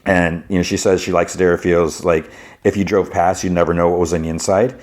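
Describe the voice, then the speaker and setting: A man's voice: deep voice, level tone, brisk, darkish tone. A man hosting a podcast, retelling a show's plot in a loose, rambling way full of filler words. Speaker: podcast host. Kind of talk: casual plot recap.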